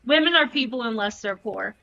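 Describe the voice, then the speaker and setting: A woman's voice: on the high side, lively intonation, brisk, vocal fry, bright, forceful tone. A woman playing a tabletop game, making dry jokes. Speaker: player. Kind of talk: casual tabletop play. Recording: dull lo-fi audio.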